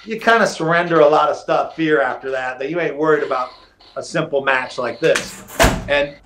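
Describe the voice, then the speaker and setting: A middle-aged man with a drawl tells old fight stories as a podcast guest. His voice sits slightly high, and he acts out each quote with gusto, cursing casually along the way. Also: moderate pace, heavy background noise. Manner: animated storyteller who acts out quotes, swears casually. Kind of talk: casual storytelling interview.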